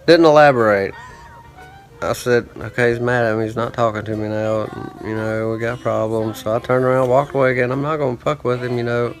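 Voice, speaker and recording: A man's voice: medium pitch, level tone, brisk, faint music behind. A man telling a rambling, profane story in a casual vlog monologue, with lots of "I'm like" and asides. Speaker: vlogger.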